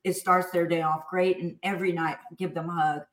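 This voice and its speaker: A Texas woman, a business-owner guest in a casual interview, tells stories and animatedly acts out family conversations. Her voice is on the low side and brisk, recorded in an echoey room.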